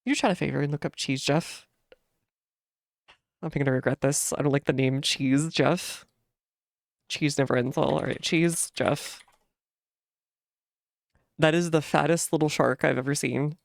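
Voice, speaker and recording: Young woman, low pitch, creaky, casual rambling game commentary. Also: fairly even intonation, measured pace, long pauses, no room sound, clean studio sound. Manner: rambling, many fillers and restarts, giggly. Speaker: streamer playing a game.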